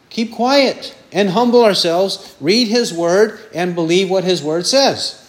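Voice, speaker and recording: A man preaching a sermon, asking questions and answering them himself, stressing points with repeated lists of words. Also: sits high.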